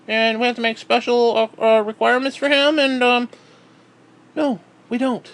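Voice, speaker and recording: High-voiced man ranting profanely. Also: level tone, normal speed, a bit bright. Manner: sarcastic, heated, swears constantly. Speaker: vlogger.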